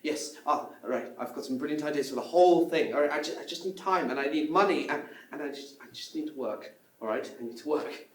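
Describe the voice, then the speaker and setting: A man's voice: on the high side, lightly acted. A man playing a desperate ex-spy engineer. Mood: pleading. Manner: pleading, halting, full of restarts. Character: desperate former radio engineer and spy, middle-aged. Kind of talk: radio drama acting. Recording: echoey room, distant mic.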